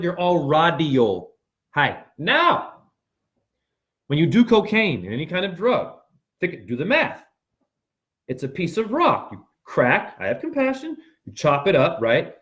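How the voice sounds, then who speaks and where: A man hosting a rambling motivational monologue, talking straight to his viewers and breaking into sudden yelps and shouts. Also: fairly high pitch. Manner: addresses viewers directly with frequent "right?". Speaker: spiritual video host.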